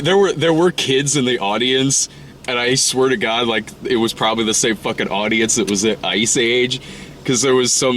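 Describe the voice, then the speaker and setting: A man co-hosting a casual movie review chat, rambling and swearing, often laughing and putting on high voices to act out scenes. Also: bright, forceful tone, a little hiss or hum. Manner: rambling, profane, laughs often, acts out lines in falsetto. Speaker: podcast co-host reviewing a movie.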